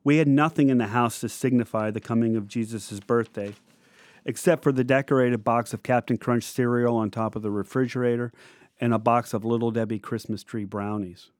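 A man's voice: medium pitch, fairly even intonation, dry recording, studio quality. Reflective man reading his memoir. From United States. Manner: reflective, measured, descriptive. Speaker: memoir narrator. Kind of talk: reading a personal memoir aloud.

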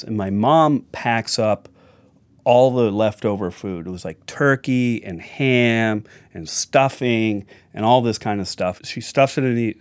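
A man's voice: lowish voice, dry recording, clean studio sound. A man telling a family anecdote in a chatty, wry way with side remarks. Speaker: storyteller. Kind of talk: anecdotal storytelling.

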